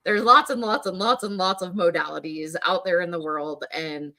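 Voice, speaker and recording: A middle-aged woman talking casually as a podcast guest, loose and full of fillers, lively when retelling things. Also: on the low side, moderate pace. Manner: conversational, filler-heavy, animated when quoting her son. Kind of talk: casual conversation.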